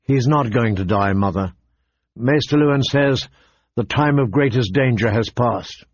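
A man's voice: mid-range voice, unhurried, no room sound, muffled recording. A man reading aloud, voicing a fourteen-year-old lord who speaks urgently and strains under his burden. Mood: urgent strained.

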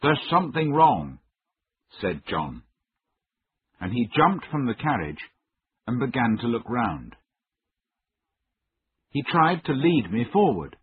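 A man reading a storybook aloud slowly, with a very husky voice, his pitch rising and falling widely. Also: sing-song, no echo. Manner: slow, with wide swings of pitch. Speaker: storybook narrator. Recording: tinny narrow-band recording, dry.

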